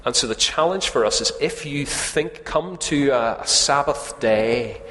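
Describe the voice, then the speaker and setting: A man's voice: medium pitch, lively intonation, a little slow, a bit bright. A man preaching a sermon to his congregation, conversational and humorous, often asking them questions. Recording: long hall reverb.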